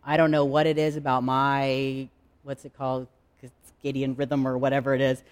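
A man preaching a sermon in a candid, conversational way, with dramatic pauses. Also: medium pitch, completely flat delivery, clear, resonant tone. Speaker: pastor.

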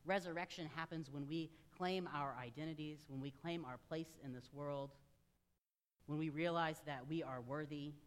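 A man delivering a sermon in a church, his voice sitting a little high for a man. He preaches earnestly but keeps it conversational, with direct asides to the people in front of him. A long reverb from the large room trails behind each phrase. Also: smooth. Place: church sanctuary.

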